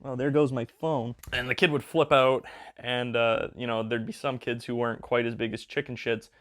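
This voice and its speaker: A man rambles through a casual commentary, swearing and exaggerating for laughs. His voice sits at an ordinary middle pitch, and his talk is loose and full of fillers. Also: flat delivery, normal speed, a bit bright. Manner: crude, joking, hyperbolic, with lots of fillers. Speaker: video creator.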